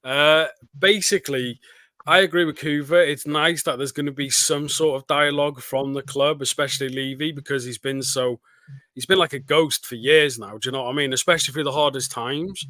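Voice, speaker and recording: Man, North Welsh accent with a touch of Scouse, bright and forceful, dry close sound, rambling chatty co-host. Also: fairly high pitch, brisk, no echo. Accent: North Welsh, with some Scouse. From North Wales. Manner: chatty, rambling, keeps saying "do you know what I mean". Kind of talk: casual chat.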